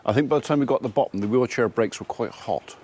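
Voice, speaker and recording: Talking fast in a medium-pitched, darkish voice, a farmer vlogger rambles to camera about his day, quoting what people said. There's slight background noise, and his manner is chatty and casual.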